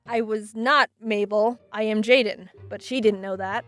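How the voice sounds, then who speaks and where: A woman's voice: medium pitch, steady tone, measured pace, a bit bright, no echo. A young woman narrating childhood stories for an animation, with dry, sarcastic asides.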